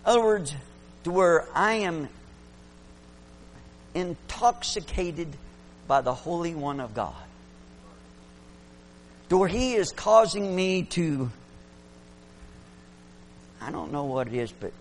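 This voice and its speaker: A man preaching a fervent sermon. His voice sits a little high and has a gravelly edge, and it swings between loud exclamations and hushed asides. A faint mains hum runs under the recording. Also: measured pace, long pauses.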